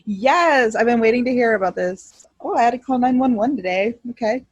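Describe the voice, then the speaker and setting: A woman's voice: a little high, fairly quick, husky, no echo, dull audio. A woman co-hosting a podcast in casual chat, reacting to her friend's story and teasing her. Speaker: podcast co-host. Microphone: podcast mic.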